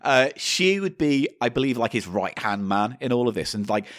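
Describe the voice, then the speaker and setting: A man's voice: medium pitch, big pitch swings, moderate pace, fairly bright tone, no echo, clean studio sound. A man co-hosting a comedy podcast, telling a story and reading articles aloud, sometimes stumbling over words. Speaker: podcast co-host.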